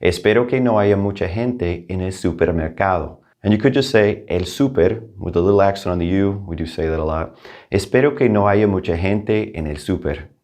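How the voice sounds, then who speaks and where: Male language teacher, deep voice, upbeat, clear repetition drills. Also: fairly quick, darkish tone. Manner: upbeat, repeats each practice sentence twice. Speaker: Spanish teacher. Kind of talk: language lesson.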